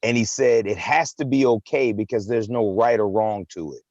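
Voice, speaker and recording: A man's voice: fairly low pitch, moderate pace, a little mellow, dry recording, highs cut off. A man hosting a live talk show, chatting casually and animatedly, often repeating words and saying "man" and "right". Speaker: host. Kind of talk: casual chat.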